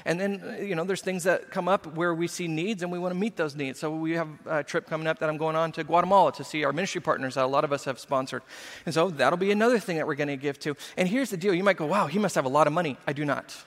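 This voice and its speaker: A male pastor preaching a sermon in an animated, emphatic way with conversational asides. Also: on the high side, fast, big-room sound.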